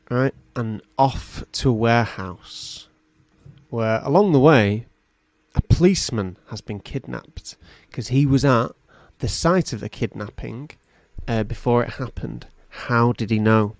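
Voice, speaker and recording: A man's voice: a little slow, dry recording. A man co-hosting a podcast, telling an improvised comic story and acting out the characters in it. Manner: animated, acts out characters with big jumps in pitch. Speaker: podcast co-host.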